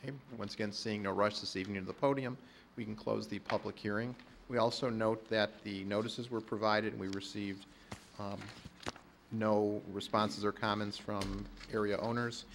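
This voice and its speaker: A man's voice: on the low side, fairly even intonation, normal speed, creaky, slight background noise. A man chairing a public planning meeting, phrasing his questions carefully and running through procedure. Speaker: commission chair.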